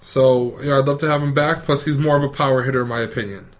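A man's voice: mid-range voice, fairly even intonation, quick pace. A man presenting the sports segment of a casual show, talking like an eager fan in a loose, sometimes profane way.

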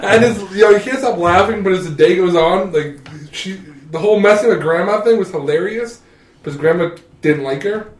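High-voiced man retelling a film, laughing. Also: a little fast, crowd noise. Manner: animated, laughs through his retelling. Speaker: friend recapping a film. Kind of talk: casual chat. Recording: roomy sound from a distant mic.

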